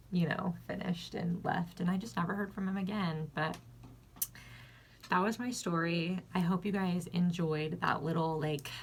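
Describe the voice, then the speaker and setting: A young woman with a slightly low voice tells a casual get-ready-with-me storytime. She is frank and blunt, and her talk is loose and full of "like" fillers. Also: slight background noise. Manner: chatty, filler-heavy with constant "like". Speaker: vlogger.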